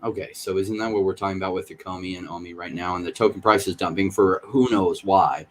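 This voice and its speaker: A middle-aged man with a fairly low voice talks casually on a podcast. He tells stories with energy and slips into quoted voices for the people he describes. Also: fast, slight background noise. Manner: animated storyteller acting out other people's lines in quoted voices. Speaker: podcast panelist.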